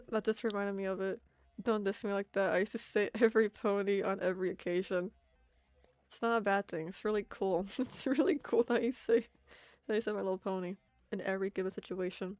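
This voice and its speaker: A woman's voice: medium pitch, darkish tone, no room sound. A young woman chatting casually on an art stream, giggling and poking fun at herself as she reads chat aloud.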